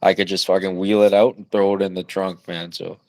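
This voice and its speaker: Low-voiced young dad, loose chatty storytelling. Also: male voice, little pitch movement, fairly quick, dry recording. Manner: loose, profane storytelling with lots of "like" and "man". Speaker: podcast co-host, new father of twins. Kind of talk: casual chat.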